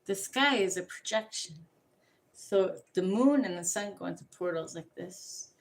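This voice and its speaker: A woman's voice: mid-range voice, expressive, a little slow. A woman giving a casual, rambling tarot reading. She swears freely and jumps from one topic to the next. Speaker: tarot card reader. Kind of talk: rambling casual livestream chat.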